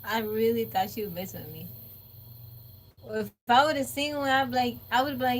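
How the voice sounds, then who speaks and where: Woman, lively storyteller, fairly high voice, faint background noise. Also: moderate pace, pauses often. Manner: animated storyteller, acts out quotes, laughs often. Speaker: livestream host. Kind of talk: casual chat with live viewers. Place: off-grid home.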